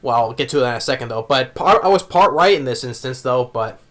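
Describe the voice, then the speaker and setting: A man's voice: medium pitch, animated, fast, a bit bright. A man casually recapping an anime episode, rambling with many restarts and fillers. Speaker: anime reviewer.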